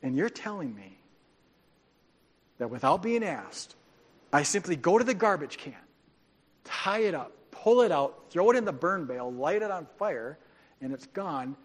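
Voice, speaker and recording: A man preaching a sermon as a pastor, animated and joking, acting out quoted voices. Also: a little high, measured pace, pauses often, long reverb tail. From grew up on a farm.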